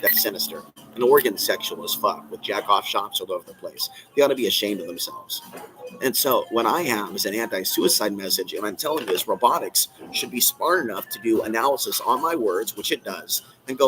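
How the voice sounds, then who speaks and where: A man's voice: on the low side, animated, a little fast, over music, rough recording. A man hosting a live stream, ranting in an agitated, rambling, repetitive way from a coffee shop. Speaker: channel host.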